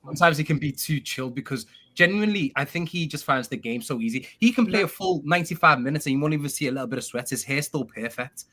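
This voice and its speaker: Fast-talking, enthusiastic man. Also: fairly high pitch, animated, pushed and bright. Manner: enthusiastic, admiring, quick. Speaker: podcast co-host. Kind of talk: casual football chat.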